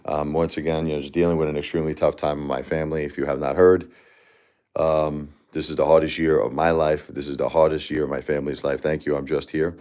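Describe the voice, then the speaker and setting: A grieving man in his forties hosts a casual livestream, responding to comments as they arrive. His voice is extremely low, level in tone and a little mellow, and his speech halts and repeats itself, full of restarts and fillers.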